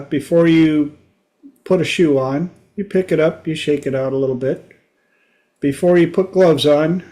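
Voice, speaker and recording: Folksy guy host, slow easygoing delivery, pitch a bit up, rambling stories. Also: mellow. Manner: folksy, unhurried, storytelling. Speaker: podcast host. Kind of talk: casual monologue.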